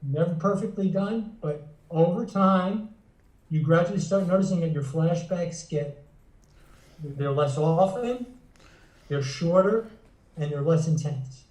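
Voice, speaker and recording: A man's voice: on the high side, a little slow, a little mellow, recorded from a distance. A psychotherapist and author, a man, explaining things earnestly in an interview, often stopping to restart a phrase. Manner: earnest, teaching tone with frequent restarts. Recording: echoey room, voice away from the mic.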